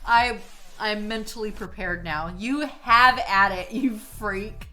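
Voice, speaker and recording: A young woman streaming while she draws, gushing excitably, swearing a lot, laughing often and trailing off mid-sentence. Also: medium pitch, takes it slowly, soft background music. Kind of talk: casual live-stream chat while drawing.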